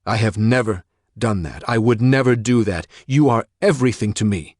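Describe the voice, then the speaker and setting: A man's voice: lowish voice, normal speed, a little mellow, dry recording, clean studio sound, voice pushed up, close to an everyday voice. A man voicing an anxious, protective father who pleads and defends himself. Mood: defensive.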